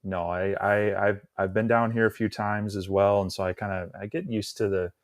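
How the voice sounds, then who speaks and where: A man's voice: on the low side, steady tone, normal speed, dry recording, clean studio sound. A man from Minnesota with a Minnesotan accent, co-hosting a casual live stream, hesitant and wry, with frequent restarts. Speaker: co-host.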